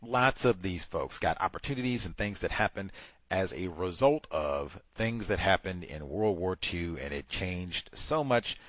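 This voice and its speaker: A man hosting a book club, talking through a memoir in a casual, digressive way with loud mocking asides. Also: deep voice, lively intonation, a little slow, dry recording.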